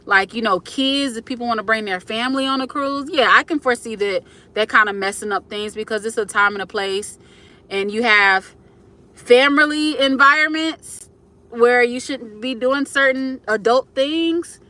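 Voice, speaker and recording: Bright-voiced young woman chatting live. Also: on the high side, moderate pace. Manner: candid, emotional, chatty with viewers. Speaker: livestream host. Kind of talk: casual livestream chat.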